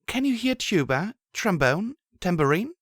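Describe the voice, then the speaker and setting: A man's voice: sits high, very animated, husky, dry recording, studio quality, voice pushed up, exaggerated voice. A man putting on a scrappy young mare. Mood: eager. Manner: eager, quick to shout and grin. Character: scrappy young mare pony, blunt wasteland survivor. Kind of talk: audiobook character voice.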